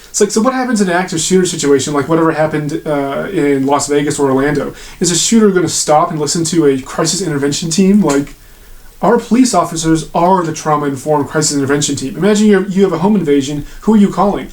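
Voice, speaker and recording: Sarcastic man ranting, higher voice. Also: quick pace, darkish tone. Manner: sarcastic, blunt, swears freely. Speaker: video commentator. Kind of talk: ranting commentary to camera.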